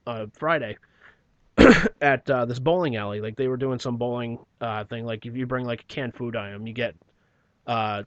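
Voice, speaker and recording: A man's voice: medium pitch, no room sound, muffled recording. Profane rambling man telling a story. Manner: profane, rambling, often clears his throat, trails off quietly. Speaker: podcast guest telling his story. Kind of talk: casual podcast storytelling.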